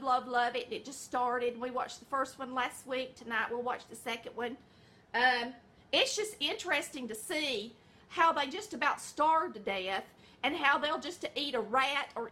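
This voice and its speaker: Middle-aged Southern woman vlogging from her kitchen, high and bright, tired, rambling and folksy. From American South. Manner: folksy, rambling, says y'all and honey. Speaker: vlog host, home cook. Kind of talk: casual chatty vlog. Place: home kitchen, indoors.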